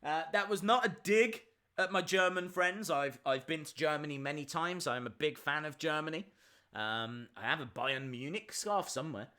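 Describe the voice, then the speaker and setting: A man's voice: fairly high pitch, moderate pace, sharp tone. A man hosting a live reaction stream, chatting and answering viewer questions as they come in.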